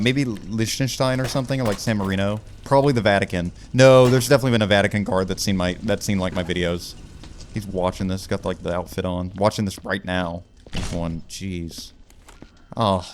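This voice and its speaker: A man's voice: low-pitched, slight background noise. A young man rambling and joking his way through casual gameplay commentary. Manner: rambling, jokey, puts on loud emcee shouts. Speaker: gaming YouTuber.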